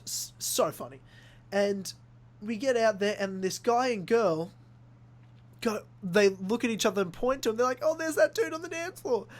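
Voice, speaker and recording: A young man from Australia, hosting a casual podcast and telling an animated story full of acted-out quotes and swearing. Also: high voice. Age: young adult. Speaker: podcast host. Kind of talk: casual chat.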